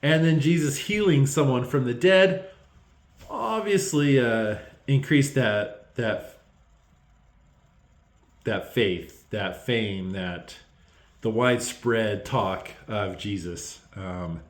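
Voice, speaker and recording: Halting, emotional man in an echoey room. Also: mid-range voice. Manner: halting and emotional, many ums and restarts. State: tearful. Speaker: Bible devotional host. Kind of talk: unscripted devotional talk.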